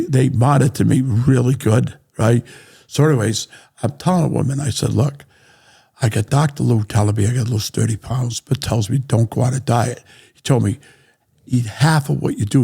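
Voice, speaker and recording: Gravelly older man telling blunt stories. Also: mid-range voice, normal speed, mellow. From Rhode Island, USA. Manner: blunt and profane, with lots of "right?" and laughter. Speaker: guest. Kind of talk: casual storytelling.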